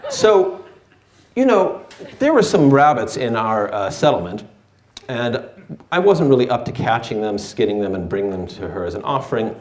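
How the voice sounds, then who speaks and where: A man tells a personal story with dry, self-deprecating humor. His voice sits at a middle pitch but moves around a lot as he talks. The sound is roomy, with clear echo. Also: big pitch swings, moderate pace, a little mellow. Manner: wry, self-deprecating delivery. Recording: echoey room.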